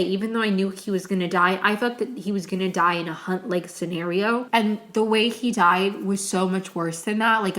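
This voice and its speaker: A young woman hosting her own podcast, recapping a TV episode in a casual, emotional, rambling way with many restarts. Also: medium pitch. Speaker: podcast host.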